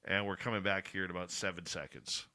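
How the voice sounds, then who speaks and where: Male radio host, bright close dry sound, chatty and informal, upbeat promo reads. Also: low-pitched, steady tone, fast, no room sound. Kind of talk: casual radio chat and show promos.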